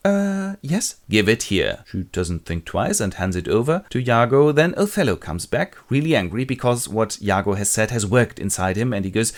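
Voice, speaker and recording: A man's voice: on the low side, animated, fairly quick, hardly any pauses. A man telling a play as a wry, chatty comic retelling. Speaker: narrator and presenter.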